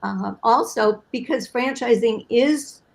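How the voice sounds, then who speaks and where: Woman guest expert, middle pitch, informative, steady delivery. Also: takes it slowly, creaky, rough recording. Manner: steady, fact-heavy explaining. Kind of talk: informative panel answer.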